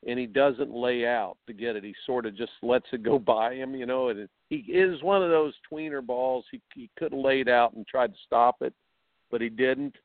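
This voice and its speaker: Animated man telling stories over the phone. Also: medium pitch, moderate pace, dry recording. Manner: animated, repeats words when excited. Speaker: coach. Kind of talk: casual storytelling. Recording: tinny phone line.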